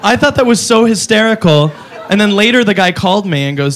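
A man doing a profane stand-up comedy routine, animated and mimicking voices. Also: sits high, fairly quick.

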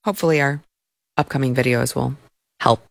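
A woman's voice: very deep voice, brisk, creaky, no echo, studio quality. A woman hosting an opinionated commentary show, speaking in a sarcastic and scornful way.

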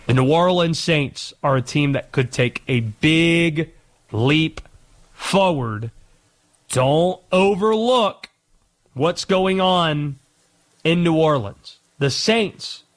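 A man's voice: on the high side, animated, slow pace. A man hosting sports talk radio, making his points with punchy emphasis.

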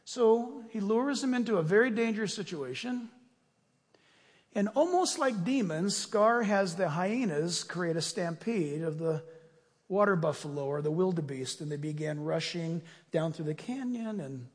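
A male pastor delivering a sermon and then a fervent, loud closing prayer. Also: high-pitched, lively intonation, a little slow, long reverb tail.

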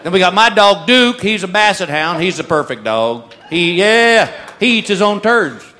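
A man's voice: sits high, lively intonation, normal speed, pushed and bright. A married man performing stand-up, telling stories in a dry way and swooping into character voices. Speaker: stand-up comedian. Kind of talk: stand-up comedy set. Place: comedy club stage with live audience. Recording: live audience recording with crowd noise.

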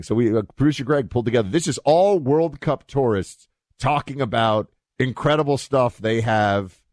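A man's voice: mid-range voice, no echo, studio quality. A man hosting a talk show, chatting in a rambling, casual way with many restarts and fillers.

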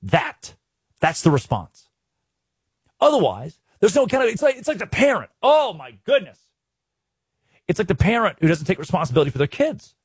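Man, sports talk show host, emphatic ranting commentary, lively swooping pitch, dry close mic. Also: moderate pace, pauses often, slightly rough, no echo. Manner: emphatic, ranting, with many restarts.

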